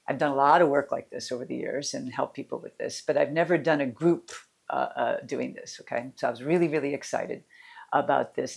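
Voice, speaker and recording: A middle-aged woman, a mental fitness coach, talking candidly and casually about her feelings, rambling with restarts and soft laughs. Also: rumbling low, vocal fry. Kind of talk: casual personal talk.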